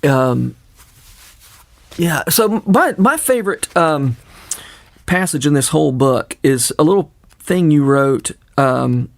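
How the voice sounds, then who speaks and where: An older man with a Southern accent hosting a podcast, talking in a halting way and repeating words. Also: on the high side, lively intonation, creaky, dry recording. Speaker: podcast host. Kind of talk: casual conversation.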